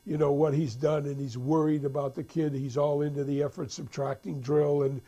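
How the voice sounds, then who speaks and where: This man's voice sits a little high, with a flat delivery at a moderate pace; it sounds mellow, and the high frequencies are cut off. He's telling a movie's story informally, stumbling through restarts and fillers while performing the characters' quotes.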